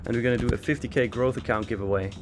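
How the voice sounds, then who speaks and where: A man's voice: mid-range voice, steady tone, very fast. Chatty male live trading host. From Switzerland. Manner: chatty, reads out and answers viewer chat while trading. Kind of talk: casual live market commentary. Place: in London for a trading expo.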